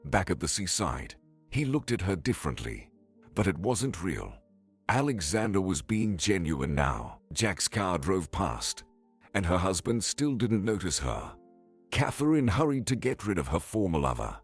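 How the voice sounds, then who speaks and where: Deep-voiced man narrating a story. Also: sing-song, moderate pace, slightly rough, no room sound, soft background music.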